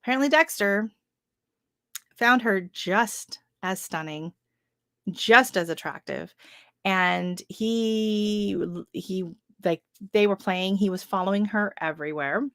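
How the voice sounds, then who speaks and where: A woman's voice: medium pitch, slow, fairly bright tone, no room sound, studio quality. A woman in her thirties from Canada hosting a casual gardening livestream, telling stories with lots of fillers and frequent laughs into a webcam at home. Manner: chatty storyteller, laughs often, many fillers. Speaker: gardening channel host.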